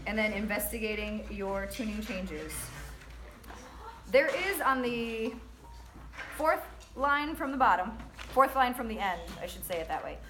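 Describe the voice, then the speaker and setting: A woman's voice: on the high side, animated, a little slow, reverberant, background noise. A woman teaching a percussion lesson, counting and singing rhythms aloud in an upbeat, breezy way.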